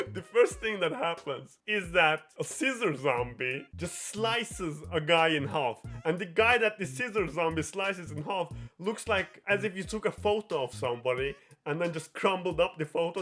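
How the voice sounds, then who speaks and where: A man's voice: a little high, animated, moderate pace, few pauses, fairly bright tone, soft background music. A young man hosting a show, retelling a game plot in a rambling, profane, giggly way. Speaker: host.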